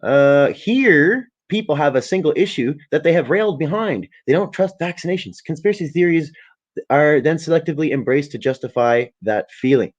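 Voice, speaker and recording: A man's voice: fairly high pitch, expressive, normal speed, dull audio. A Canadian man hosts a casual live stream, reading news articles aloud and breaking in with profane, sarcastic asides. He stumbles over words, restarts sentences and apologises as he goes. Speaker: livestream host.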